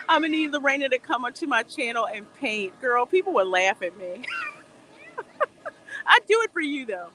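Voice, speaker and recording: A woman's voice: on the high side, expressive, slow, pauses often, a bit bright. A woman hosting a casual livestream outdoors while walking, chatty, laughing often and reading viewer comments aloud. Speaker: livestream host. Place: outdoors in a theme park. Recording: faint outdoor noise behind.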